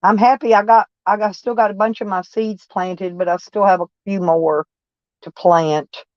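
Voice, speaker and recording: This woman's medium-pitched, slightly mellow voice stays fairly even in intonation and moves at a moderate pace, in a dry recording with dull audio. She chats on a live stream in a folksy, blunt manner, answering commenters by name with some mild swearing.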